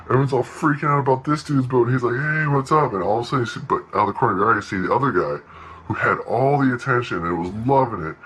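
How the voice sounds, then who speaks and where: A man's voice: mid-range voice, expressive, very fast, a bit bright, slight background noise, low-quality recording. A man telling a laid-back story in a casual monologue, swearing freely and acting out quotes. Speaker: podcast host.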